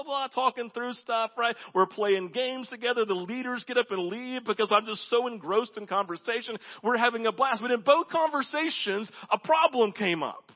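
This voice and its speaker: A man preaching a sermon as pastor, telling stories with animated delivery that drops to a low, intense hush. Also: dull audio. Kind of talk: sermon with storytelling.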